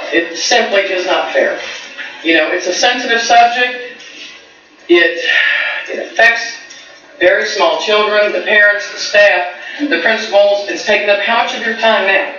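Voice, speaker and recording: A parent, a man with a high, bright voice, presses his case to a school board in an earnest, insistent way. He is heard from far off in a very echoey room, with dull sound. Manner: earnest, insistent, repeating for emphasis. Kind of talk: public comment at a meeting. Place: large meeting room.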